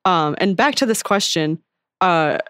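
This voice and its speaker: A woman's voice: fairly low pitch, lively intonation, measured pace, a bit bright, clean tone, no echo. Chatty woman co-host, dry sound. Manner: chatty, full of "like" fillers and laughs. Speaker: advice podcast co-host. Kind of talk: casual chat.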